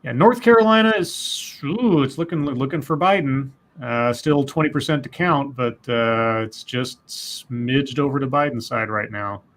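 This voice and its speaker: A man with an ordinary mid-range voice hosting a casual live stream. He talks in a measured way, hedges his points and pauses to read viewer comments. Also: medium pitch, a bit bright. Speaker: host.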